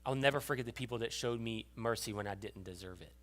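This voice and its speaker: A young adult man giving a sermon as pastor, telling a personal story with emotion and often dropping to a hushed voice. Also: mid-range voice, quick pace. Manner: storytelling, emotional, drops to a hushed voice at tender moments.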